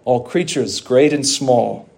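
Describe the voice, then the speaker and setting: A pastor preaching a sermon, in a measured, emphatic way with slow, stressed phrases. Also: male voice, medium pitch, gravelly, a little mellow.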